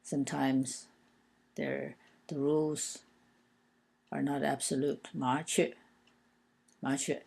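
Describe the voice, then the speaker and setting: A woman teaching a language lesson, explaining written characters one by one in a patient, hesitant way with frequent pauses and filler sounds. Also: very deep voice, level tone, creaky, darkish tone, breathy edge.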